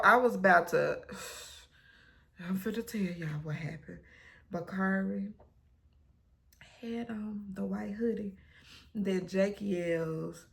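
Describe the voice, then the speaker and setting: A woman, recapping a TV episode in casual, animated storytelling, acting out the characters' lines. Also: on the low side, creaky. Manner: animated storytelling, acts out quotes. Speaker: recap vlogger.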